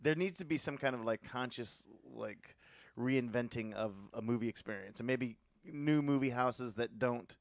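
A man's voice: medium pitch, normal speed, vocal fry, no echo. A man musing hesitantly in casual podcast chat, with frequent fillers and restarts.

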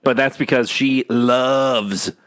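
A man co-hosting a podcast in casual chat, excitedly retelling movie scenes with lots of swearing and acted-out quotes. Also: medium pitch, slow, no room sound. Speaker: podcast co-host.

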